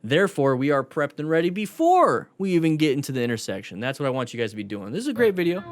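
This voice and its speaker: Talking fast and very animatedly, a man whose voice sits on the high side comments casually over motorcycle crash clips. As a safety instructor, he coaches the audience and speaks right to them, with no echo in the recording.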